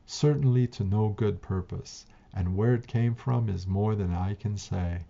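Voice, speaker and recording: Hoarse harsh bearded old peasant, man reading, slow and curt, muffled sound. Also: on the low side, mellow. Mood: grim. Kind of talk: storybook reading. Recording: dull lo-fi recording.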